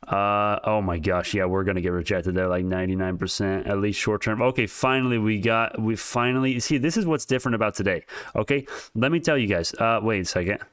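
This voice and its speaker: Excitable male streamer, low smooth voice, rambling market chatter straight to chat, dry close mic. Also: a little fast, hardly any pauses, dry recording. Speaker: stock market livestream host. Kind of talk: casual live market commentary.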